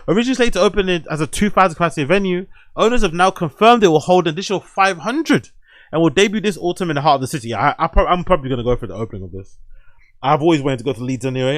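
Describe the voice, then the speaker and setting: A young man with a fairly high voice hosts a casual show, reading news items aloud and breaking off into excited, profane reactions. The sound is dry and close, with no room around it. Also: quick pace, no echo. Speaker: host.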